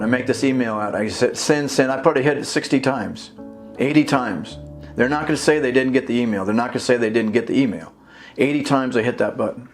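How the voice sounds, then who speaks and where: A man telling a long story in an indignant, rambling way, acting out conversations with many restarts. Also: medium pitch. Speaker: video blogger and activist. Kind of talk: casual storytelling monologue. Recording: faint guitar music behind.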